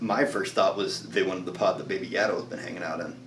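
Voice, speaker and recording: A man with a somewhat low voice recaps a show episode in a loose, tired ramble full of "like" and little laughs. He sits well back from the mic in a bare, echoey room. A faint electrical hum runs under his voice. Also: fairly even intonation, moderate pace, a bit bright, recorded from a distance. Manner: rambling, lots of "like", laughs often.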